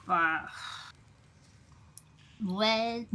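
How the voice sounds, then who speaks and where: A woman's voice: medium pitch, drawn-out words, fairly bright tone, poor audio. A woman doing a rambling drunk tavern regular. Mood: gossipy. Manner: rambling, gossipy, folksy. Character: chatty drunk tavern man, loyal to his boss.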